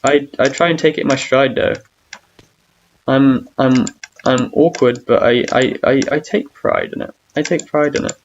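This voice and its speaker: A young gamer rambles through his thoughts in a gravelly, mid-pitched voice, self-mocking about how awkward he is and drifting into hums between lines. The sound is dull and lo-fi, with faint keyboard clicks behind him. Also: fairly even intonation, moderate pace, a little hiss or hum. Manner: hums and sings between talk. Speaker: gamer streamer. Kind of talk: casual gaming commentary.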